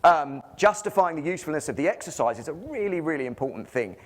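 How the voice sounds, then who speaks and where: An English-accented physiotherapist gives a conference presentation in a higher-pitched voice, speaking fast with lively intonation. He fills it with rhetorical questions and jokey asides.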